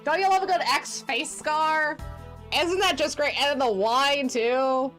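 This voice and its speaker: A young woman chatting excitedly while streaming a game, over game music. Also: high voice, measured pace. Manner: chatty and excitable, reacts aloud. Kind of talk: casual gameplay commentary. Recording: game music playing under the voice.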